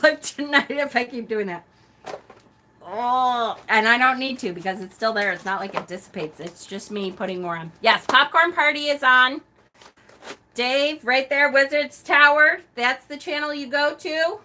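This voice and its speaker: Bright, loud-talking woman host. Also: fairly high pitch, moderate pace, slight background noise. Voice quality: loud talker. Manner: gushing, laughs often. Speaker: live-stream host. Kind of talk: casual live-stream chat.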